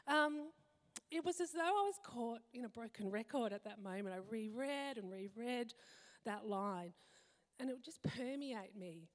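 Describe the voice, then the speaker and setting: A woman in her fifties giving a heartfelt, reflective personal talk to a gathering, often pausing to list things slowly. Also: on the high side. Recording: long hall reverb.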